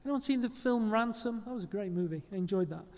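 A man gives a sermon in a relaxed, conversational way, stopping now and then to correct himself. His voice sits high for a man. The long reverb of a church hall trails behind every phrase. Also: quick pace. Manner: conversational preaching with small slips and self-corrections. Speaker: pastor.

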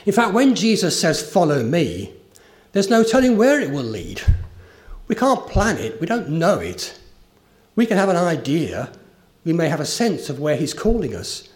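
A man's voice: fairly high pitch, very animated, normal speed. A man preaching a sermon, earnest and emphatic, with a story told along the way. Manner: earnest, rising emphasis on key phrases.

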